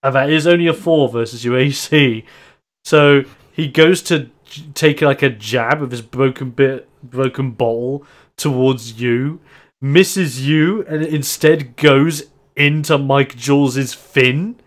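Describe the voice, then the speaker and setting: A man's voice: mid-range voice, takes it slowly. A man, running a tabletop role-playing game as game master, narrating the action with lots of energy and frequent laughter. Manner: animated narration, laughs often.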